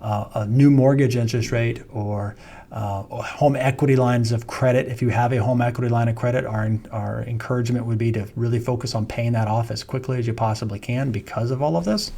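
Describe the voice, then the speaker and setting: A man's voice: medium pitch, steady tone, brisk, gravelly, warm tone. Man explaining market news. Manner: explanatory, with hesitant fillers. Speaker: financial adviser. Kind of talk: monthly market commentary.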